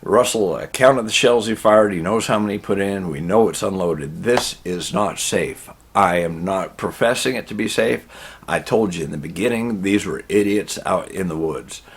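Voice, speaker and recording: A man's voice: deep voice, normal speed, husky. A man telling a long prank story in a folksy, rambling way. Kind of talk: casual spoken storytelling.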